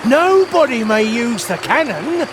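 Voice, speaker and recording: A man voicing a drowsy, excitable night watchman in a video game, swinging between sleepy mumbles and fired-up outbursts. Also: high-pitched, a little slow, background noise, heavily acted. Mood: stern.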